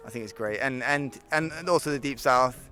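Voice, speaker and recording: English guy, bright voice, stammery and keen, faint music behind. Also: mid-range voice, fairly quick. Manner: stammering, enthusiastic. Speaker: street interviewee. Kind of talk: casual street interview.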